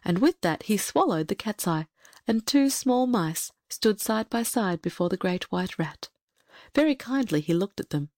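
A woman narrates a fairy tale in a gentle, measured voice, pitched in a middle range. The recording is close and very dry, with no room sound. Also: expressive, dry recording. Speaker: audiobook reader. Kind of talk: storybook narration.

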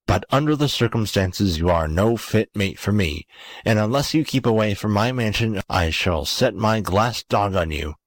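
A man's voice: on the low side, lively intonation, moderate pace, dry recording. A man doing a haughty, vain young lady. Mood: disdainful. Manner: cold, dismissive.

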